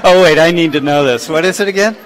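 Man, professor, playful teasing, loud banter, long hall reverb. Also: on the high side, fast talker, a faint crowd, a little hiss or hum. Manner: playful, loud, laughing and prodding students. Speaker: professor lecturing a class. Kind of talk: casual lecture hall banter. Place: large lecture hall.

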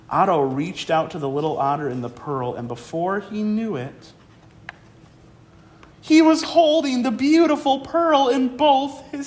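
A man's voice: high voice, unhurried, echoey room. A man working as a museum educator, reading a picture book aloud to young children in an encouraging way. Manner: warm, encouraging, talks to young kids. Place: museum program room.

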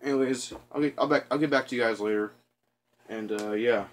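A man's voice: mid-range voice, fairly quick. Rambling young man vlogging outdoors. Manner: rambling, mock-dramatic self-pity. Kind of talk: casual vlog to camera. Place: outdoors outside a house.

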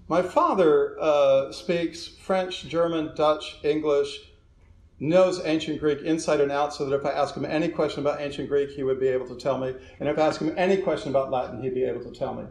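A man's voice: fairly high pitch, darkish tone. A man giving a lecture in an auditorium, telling anecdotes and chuckling at his own stories. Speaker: guest lecturer. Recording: echoey auditorium with faint noise.

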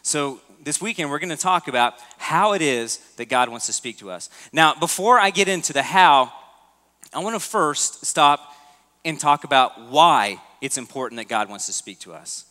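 A pastor with an animated voice on the high side, pushed and bright, preaches at normal speed in a church auditorium filled with long hall reverb. He talks in an easygoing manner and quizzes the congregation as he goes.

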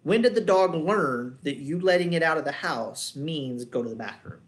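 A man's voice: on the high side, animated, moderate pace. A man, a dog trainer, explaining training in a loose, conversational way, wandering between points and posing rhetorical questions. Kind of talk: casual instructional talk.

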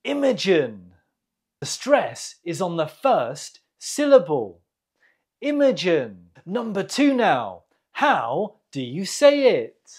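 Quiz-host teacher with a husky tone, very slow, lively rise and fall, repeats every word for learners. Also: medium pitch. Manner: repeats each word clearly, pauses for the listener. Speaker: English teacher hosting a quiz.

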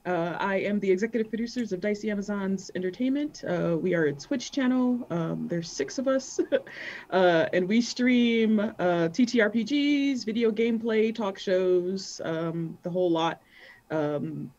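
A woman's voice: medium pitch, measured pace, a little mellow, lo-fi sound. A woman player chatting casually and hesitantly, with many fillers. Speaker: player and Twitch channel producer. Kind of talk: casual chat.

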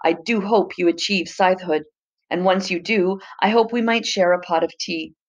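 A woman voicing a kindly scythe in an audiobook, speaking softly and reassuringly. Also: fairly low pitch, steady tone, moderate pace, natural voice. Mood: comforting. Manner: soft and comforting. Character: kindly scythe offering comfort, gentle and genuine.

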